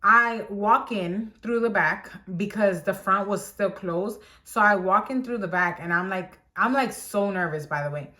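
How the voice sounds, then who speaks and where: Animated young woman telling a story. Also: mid-range voice, a little slow, few pauses. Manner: animated storytelling, acts out quotes. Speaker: vlogger. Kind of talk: story time.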